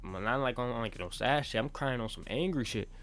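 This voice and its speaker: A man's voice: mid-range voice, a little fast, a bit bright. A young man telling a casual storytime monologue on his channel, slangy and profane, talking in loose run-on bursts and checking in with the listener. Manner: talks in loose run-on bursts with many restarts. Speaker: vlogger.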